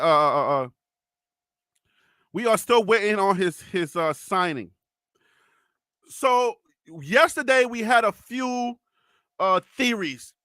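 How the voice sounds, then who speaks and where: A man hosting a live sports stream, teasing chat viewers with loud, playful talk. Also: high voice, no echo, studio quality. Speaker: live sports show host.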